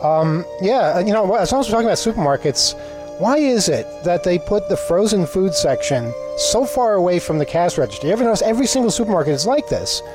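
Higher-voiced man, playfully indignant host. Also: big pitch swings, quick pace, music in the background. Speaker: show host. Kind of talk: casual comedic chat.

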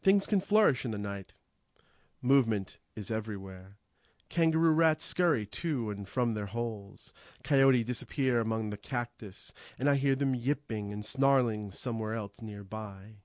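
A man narrating a first-person audiobook in a measured, reflective way, slowing on vivid images. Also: on the low side, a little mellow, dry recording, clean studio sound.

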